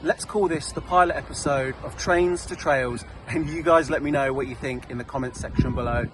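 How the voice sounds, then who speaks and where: A man's voice: a little high, brisk, background noise. Upbeat southern English man outdoors. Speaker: cycling vlogger. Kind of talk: casual chat to camera. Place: outdoors, riding trails and roads.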